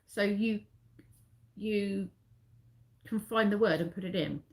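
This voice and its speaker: A middle-aged woman from England, with an English accent, chats casually with live viewers on a stream, rambling and correcting herself along the way. Her voice is medium-pitched and slow.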